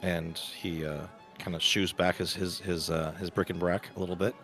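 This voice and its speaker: A man's voice: deep voice, little pitch movement, normal speed, fairly bright tone, faint music behind. A man narrating as game master of a tabletop game, laid-back and hesitant, full of ums.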